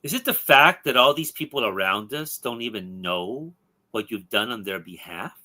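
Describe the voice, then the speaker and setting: Wry, all-knowing mystery woman, read out by a man; bright, animated delivery. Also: mid-range voice, moderate pace. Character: calm, knowing mystery woman who lectures a ghost. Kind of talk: read-aloud comic dialogue.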